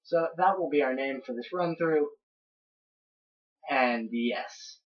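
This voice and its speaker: A woman's voice: rumbling low, slow. A woman giving casual, rambling commentary while playing a game, narrating each step as she goes. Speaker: let's play gamer. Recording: dull lo-fi recording.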